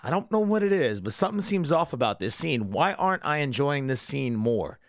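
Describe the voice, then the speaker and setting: A man's voice: medium pitch, very animated, fairly quick, no echo, pitched above the performer's own voice. Guy putting on a proud cartoon alien prince muttering to himself, voice pushed up a bit, dry close sound. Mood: puzzled. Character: proud gruff male alien warrior prince.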